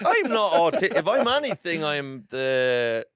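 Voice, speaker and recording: A man's voice: on the high side, big pitch swings, a little slow, fairly bright tone, no room sound. A man with an Irish accent, a guest comedian rambling and laughing through self-mocking stories in casual chat. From Ireland.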